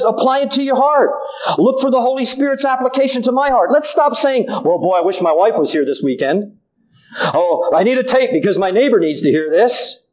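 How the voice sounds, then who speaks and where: A middle-aged man preaches with a high, bright-sounding voice, lively and animated. He slips into little acted quotes from his family as he makes his points. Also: low-quality recording. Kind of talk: sermon.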